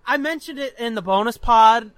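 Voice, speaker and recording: A man co-hosting a podcast, telling crude stories in an animated way and laughing often. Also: extremely high pitch, moderate pace, clear, resonant tone, no room sound. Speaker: podcast co-host. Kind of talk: casual chat, storytelling.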